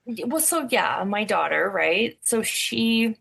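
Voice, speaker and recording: Woman co-host, gravelly creaky voice, slow rambling casual chat. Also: mid-range voice, lively intonation, a bit bright. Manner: rambling, restarts, laughs along. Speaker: podcast co-host.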